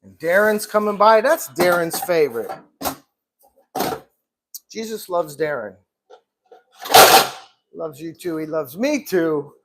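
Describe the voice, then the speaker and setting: A man who runs a gelato shop, chatting casually on a live stream as he works and often clearing his throat. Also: fairly high pitch, lively intonation, slow, long pauses. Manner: chatty, talks to himself while working, clears throat often. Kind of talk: casual live-stream chat while working. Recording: clear background noise with clicks.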